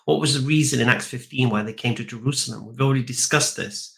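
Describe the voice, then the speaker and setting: Man, debater, animated and argumentative. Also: medium pitch, fast, vocal fry. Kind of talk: debate argument with comic storytelling.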